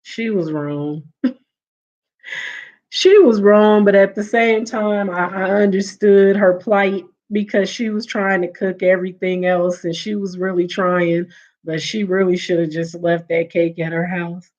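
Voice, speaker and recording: A woman's voice: on the low side, unhurried. A woman casually telling a funny family story to her live viewers, laughing often and acting out what her relatives said. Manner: animated, laughs often, acts out quoted relatives. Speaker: livestream host. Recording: dull lo-fi audio.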